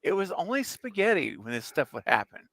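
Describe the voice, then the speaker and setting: A man co-hosting a casual livestream chat, chiming in and reminiscing with animated energy. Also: high voice, a little fast, gravelly, dry recording. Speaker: co-host.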